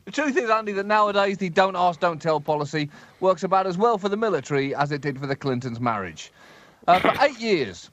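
A man co-hosting a satirical comedy podcast, delivering wry, deadpan asides with bursts of emphasis. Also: high voice, brisk, no room sound.

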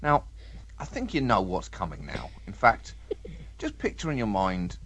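A man's voice: fairly low pitch, wildly swooping pitch, moderate pace, fairly bright tone, slight background noise. A man co-hosting a comedic news podcast, giving dry, mock-serious delivery with sudden outbursts. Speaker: co-host.

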